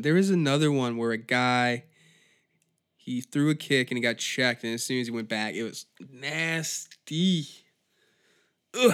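A man hosting a solo podcast, ranting at a steady middle pitch. He swears constantly and rambles, sounding exasperated as he talks himself in circles. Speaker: podcast host. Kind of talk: solo comedic rant.

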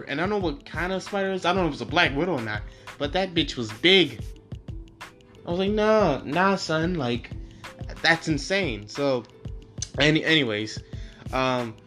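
A young man hosting a casual solo podcast, rambling and animated, swearing freely and restarting his sentences often. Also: on the high side. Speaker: podcast host.

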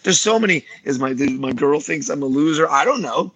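A man with a slightly raised, husky voice talks through martial arts ideas on a podcast, slipping into other people's voices as he tells a story. His sound is close and dry, with no room around it. He asks himself questions aloud and answers them in a loose, talky way. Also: fairly high pitch, normal speed, no echo, dull audio. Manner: animated storyteller, acts out other people's lines. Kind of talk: casual podcast conversation.

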